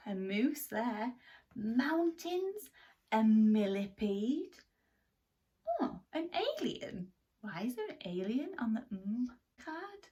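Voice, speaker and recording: An animated woman teaching young children to read, speaking slowly and deliberately. Her voice sits a bit high and she gasps and drops to whispers for effect. She sounds slightly set back from the microphone. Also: distant mic. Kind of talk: children's phonics lesson.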